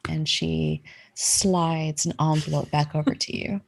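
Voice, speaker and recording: A woman's voice: low voice, steady tone, a little slow, gravelly, darkish tone. A woman running a tabletop game, narrating in a giggly, rambling way. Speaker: game master.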